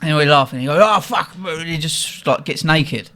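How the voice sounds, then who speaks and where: A man's voice: on the high side, normal speed. Laughing slangy storyteller man. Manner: laughs often, slangy and animated. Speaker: podcast host. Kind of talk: casual storytelling.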